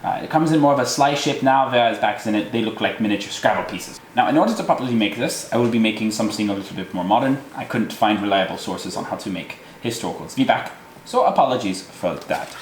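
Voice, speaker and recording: This cooking show host speaks fast in a lowish voice with lively intonation, a little hiss or hum audible. He's a man camping it up through a comic tutorial in a fake, overdone German accent, sprinkling in German words, while cookware clatters loudly in an echoey kitchen.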